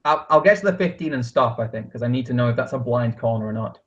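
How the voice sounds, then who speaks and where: A man's voice: mid-range voice, animated, quick pace, highs cut off. A man playing a tabletop role-playing game, hesitant and full of ums as he plans his moves. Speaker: player. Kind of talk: casual tabletop play.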